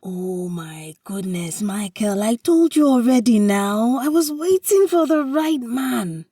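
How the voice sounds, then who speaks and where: A playful young wife teases her husband with exclaiming, rising questions, as a woman storyteller puts her on. Her voice is dark and unhurried. It is recorded dry, a little away from the mic. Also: lowish voice, no echo, recorded from a distance. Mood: exasperated.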